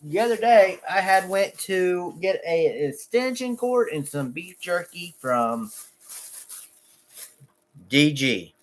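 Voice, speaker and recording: Casual male vlogger, lawn care owner, light and raised in pitch, loose and goofy, quick to say he's kidding. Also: very animated. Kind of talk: casual rambling vlog talk.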